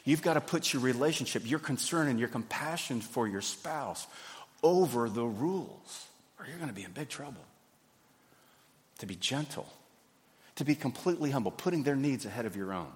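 A man, preaching a sermon in a folksy, animated way. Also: medium pitch, moderate pace. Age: 50s. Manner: folksy, animated, acts out little scenes. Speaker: pastor. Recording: hall reverb.

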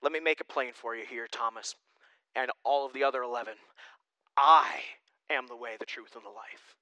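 A preacher drops his voice to play a weary but patient male teacher, speaking lower and softer than his usual talk. The delivery is calm and plain, with a faint edge of exasperation at having to repeat himself, in a dry, close recording. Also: moderate pace, smooth, no room sound, lightly acted, low-quality recording. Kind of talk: sermon.

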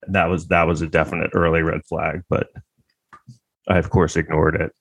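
A man's voice: rumbling low, level tone, moderate pace, fairly bright tone, husky, no echo. A man delivering a comedic monologue in a crude, sarcastic, rambling way, full of fillers and restarts.

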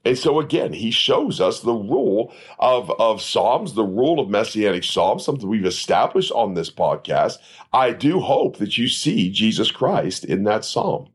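On his podcast, a man with a fairly low, husky, sing-song voice teaches a Bible study at normal speed. He preaches earnestly, quoting scripture in old-fashioned wording and building to rising emphatic peaks.

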